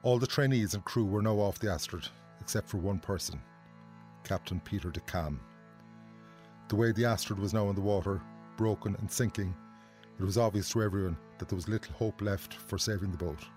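Male documentary narrator, lowish voice, measured scripted read over faint music. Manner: measured, even storytelling.

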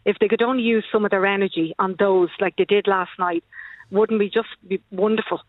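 A woman's voice: medium pitch, fairly quick, no echo. Irish woman caller on a tinny phone line. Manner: earnest, steady, disappointed. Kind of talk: casual phone-in chat.

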